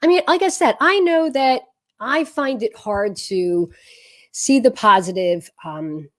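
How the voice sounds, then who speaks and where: Woman, parenting coach, earnest conversational advice, higher voice, many fillers and restarts. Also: animated, takes it slowly, fairly bright tone. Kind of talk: direct-to-camera advice talk.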